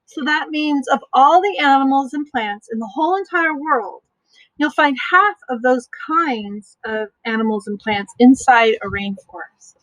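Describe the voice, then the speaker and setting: A middle-aged woman who teaches reads a picture book aloud to young kids, pausing to explain things gently and simply. Her slightly high voice is expressive and a little slow. The recording is close, dry, and low quality, with no room sound.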